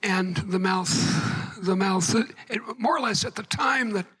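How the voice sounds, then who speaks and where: Woman delivering a keynote lecture, unhurried delivery, bright and husky tone, wry digressive asides. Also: medium pitch, rough recording. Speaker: keynote speaker. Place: conference room before a live audience.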